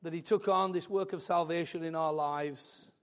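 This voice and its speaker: High-voiced fervent male preacher. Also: steady tone, normal speed. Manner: fervent, rising to loud declarations. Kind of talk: sermon.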